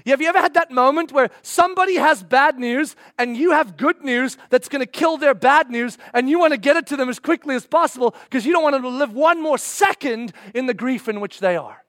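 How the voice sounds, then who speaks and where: High-voiced dramatic male preacher. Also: a little fast, hardly any pauses, no echo, clean studio sound. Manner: dramatic, acts out scenes in voices, swings from loud to hushed. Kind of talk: sermon.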